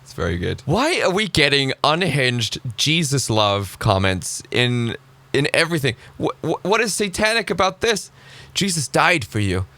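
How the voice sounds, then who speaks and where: Sarcastic man with bright, lively voice. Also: mid-range voice, moderate pace, no echo. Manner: sarcastic, animated. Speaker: YouTuber reacting to clips. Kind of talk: casual reaction commentary.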